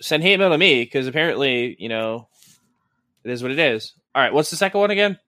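Male co-host, bright and punchy, dry mic, loose profane rambler with a sarcastic edge. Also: mid-range voice, animated, fairly quick, no room sound. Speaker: podcast co-host. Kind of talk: casual podcast chat.

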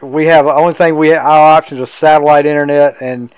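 A man's voice: fairly high pitch, fairly even intonation, fairly quick, smooth, no room sound, muffled recording. A man hosting a podcast from home, talking eagerly in casual interview style with frequent restarts. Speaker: podcast host. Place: home in a tiny town.

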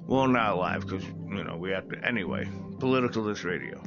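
A man's voice: deep voice, lively intonation, a little fast, gravelly, echoey room, lo-fi sound, music in the background. A man hosting a podcast who rants in a heated, profane way. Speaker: podcast host. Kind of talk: heated casual rant.

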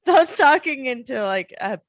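Woman podcast co-host, upbeat, giggly, high-ish voice, dry close sound. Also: sing-song, unhurried, a bit bright, no room sound. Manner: hyper, laughing, swearing. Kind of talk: casual chat.

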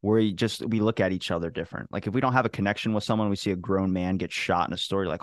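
Fast-talking man, casual podcast host. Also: deep voice, no room sound, clean studio sound. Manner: animated storyteller, swears freely. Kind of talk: casual chat.

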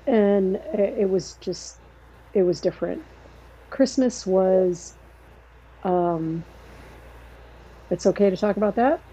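A woman's voice: mid-range voice, slow pace, long pauses, dark tone, slightly rough. A woman, the host's sister, telling a family story in a rambling, casual way with many fillers and restarts. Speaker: podcast guest, host's sister. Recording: muffled, lo-fi podcast recording.

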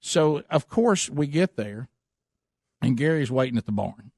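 A man hosting a radio show, telling a story in a casual, animated way with lots of restarts. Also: mid-range voice, unhurried, husky, dry recording, clean studio sound.

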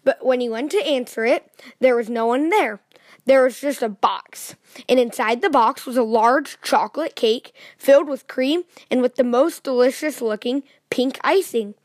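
Reading a children's storybook at normal speed, a woman with a bright, high voice keeps the telling lively and stops to ask her young audience questions. The sound is close-miked and dry, with hardly any room in it.

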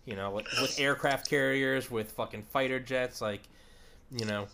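A man's voice: mid-range voice, steady tone, normal speed, vocal fry, background noise. Rambling, profane male podcast host. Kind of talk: casual chat.

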